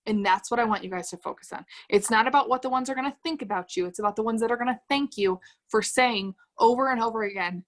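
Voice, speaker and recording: A direct-sales team leader hosts a livestream, giving her team an upbeat motivational talk and reading chat comments aloud. Her voice is fairly high, and she talks fast with few pauses.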